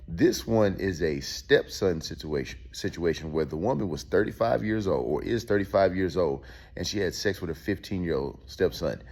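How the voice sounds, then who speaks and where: A man's voice: sits low, animated, normal speed, a little mellow. A male host talking through a case in loose casual commentary, with many fillers and restarts.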